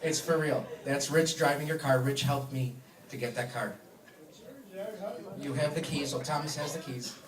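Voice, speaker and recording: A man's voice: medium pitch, steady tone, moderate pace, recorded from a distance, a crowd in the background. A man giving a wedding toast as the groom, joking and teasing with laughs. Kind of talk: wedding speech. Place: large banquet hall. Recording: echoey hall, mic heard from afar, background noise.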